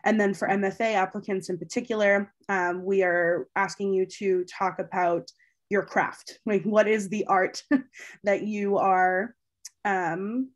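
A woman's voice: mid-range voice, fairly even intonation, a little slow. A woman co-presenting a webinar, explaining an application process in a casual, chatty way with fillers.

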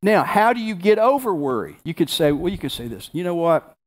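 A man's voice: high voice, big pitch swings, fairly quick. A male pastor preaching a sermon, reading scripture aloud and repeating key phrases for emphasis.

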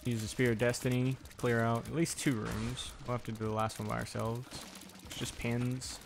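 A man's voice: medium pitch, level tone, normal speed, gravelly, noisy background. A young man giving casual commentary while he plays a video game, chatting and talking to the enemies on screen. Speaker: gaming video creator. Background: faint game music.

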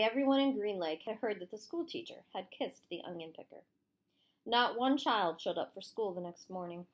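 A woman reads a chapter of a novel aloud. Her storytelling is expressive, with lively pitch movement around a mid-range voice. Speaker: narrator. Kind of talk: audiobook reading.

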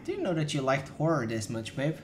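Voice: mid-range voice, wildly swooping pitch, brisk, slight background noise. Casual streamer muttering through gameplay. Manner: casual, muttering while playing, swears at scares. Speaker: streamer playing a horror game. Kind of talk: live gameplay chat.

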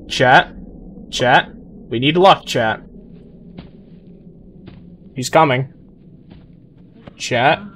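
A young man streaming a horror game, rambling nervously to his chat and yelling when things go right. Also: mid-range voice, poor audio. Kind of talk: live gameplay commentary.

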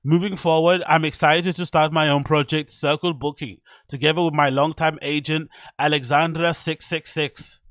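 A man's voice: on the high side, steady tone, normal speed, hardly any pauses, a bit bright, dry recording, clean studio sound, voice pushed up, close to an everyday voice. A man voicing a German male DJ, reading a formal announcement in a put-on German accent. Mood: earnest formal.

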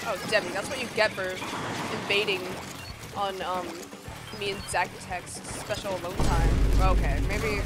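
A woman giving gameplay commentary, excitable and playful, bursting into mock-angry outbursts. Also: medium pitch, moderate pace. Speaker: gamer. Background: game music.

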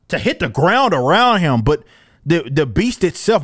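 A man's voice: fairly high pitch, big pitch swings, normal speed, a bit bright. A man giving casual video commentary on comic books, blunt, profane and incredulous.

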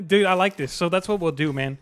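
A young man streaming a game live, chatting to viewers in slang and bursting into excited yells. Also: high voice, moderate pace.

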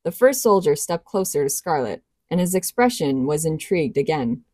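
Woman reading a novel aloud, lowish voice, dry close sound. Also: big pitch swings, moderate pace, a little mellow, no room sound. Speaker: audiobook reader. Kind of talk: storybook narration.

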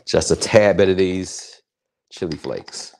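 A man hosting a casual cooking livestream, excitable and crude, joking and chatting straight to his viewers. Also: low-pitched, slow pace. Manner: excitable, crude, jokey, chats directly to viewers. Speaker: home cook hosting a cooking show.

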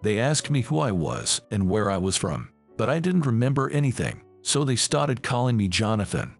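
Man reading a shy old homeless guy in a story, gravelly and husky. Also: lowish voice, sing-song, normal speed, soft background music, full character voice. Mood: timid. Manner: timid, humble storybook reading.

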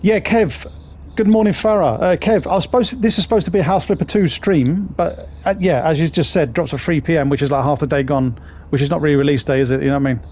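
Guy live streaming, chatty and sweary, kinda high but mellow voice. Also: fast, hardly any pauses. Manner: chatty, swears, greets viewers by name. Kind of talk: casual live-stream chat.

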